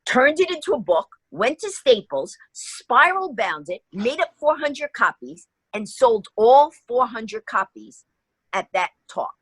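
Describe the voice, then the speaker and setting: A woman's voice: fairly high pitch, big pitch swings, unhurried, a bit bright, husky, no room sound. A middle-aged woman guest telling a story in a podcast interview, acting out both sides of the dialogue. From New York.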